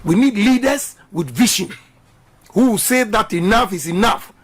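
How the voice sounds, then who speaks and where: On a radio interview, a middle-aged politician with a Ghanaian accent speaks passionately, stressing his points, repeating slogans and blending Twi with English. His voice sits high and is husky and expressive, at normal speed.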